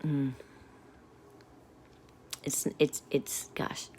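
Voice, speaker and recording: A woman's voice: extremely slow, a little mellow, a little hiss or hum. A middle-aged woman venting angrily to her viewers in a rambling rant, often dropping to a muttered whisper. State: angry. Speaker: vlogger. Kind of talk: angry personal rant to viewers.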